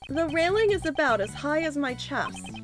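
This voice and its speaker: Stiff, formal detective, read by a woman streamer; high pitch, lofi music behind. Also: animated, moderate pace. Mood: stern. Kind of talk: reading game dialogue aloud.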